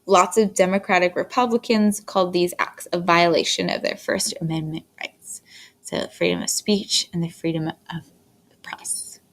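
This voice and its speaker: A woman teaching a history lesson in a recorded lecture, talking in an unhurried, fairly monotone way with frequent fillers and restarts. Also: lowish voice. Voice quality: monotone delivery. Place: indoors, screen-recorded lecture.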